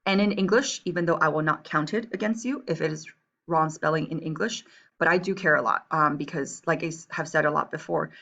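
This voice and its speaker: A woman with a New Jersey accent, raised between Taiwan and the United States, reads from a textbook in a recorded language lesson, checking in with "right?" and "okay?" as she explains. Her voice is low, brisk, creaky and sharp, and the recording sounds muffled.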